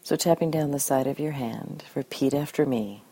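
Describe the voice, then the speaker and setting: A woman guiding a tapping session in a calm, gentle way, giving phrases for the listener to repeat. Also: rumbling low, moderate pace, gravelly, slightly rough, no room sound. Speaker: tapping practitioner.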